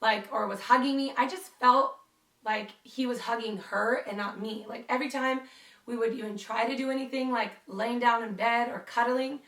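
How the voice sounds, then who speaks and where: Brief: young woman vlogger, storytime chat, high-ish voice, a bit off-mic in a roomy space. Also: moderate pace, recorded from a distance. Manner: chatty, animated, lots of "like". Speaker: YouTuber telling a story. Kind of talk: casual storytime vlog.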